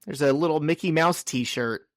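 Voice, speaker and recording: A man's voice: fairly high pitch, moderate pace, no room sound, studio quality. A man co-hosting a podcast, chatting casually and enthusiastically, with lots of "like" fillers. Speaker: podcast co-host.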